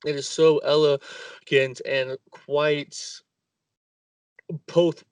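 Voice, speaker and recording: Slow-talking man, distant dry mic. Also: fairly high pitch, flat delivery, no echo. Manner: slow, searching, stumbles over words. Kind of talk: casual conversation about architecture.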